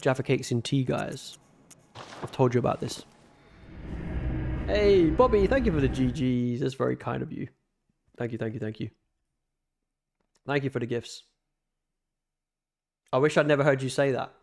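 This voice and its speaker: A man's voice: medium pitch, fairly even intonation, moderate pace, creaky, pauses often, slight background noise. A man with a northern English accent, chatting casually with viewers while gaming on a livestream in a laid-back, rambling way. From northern England.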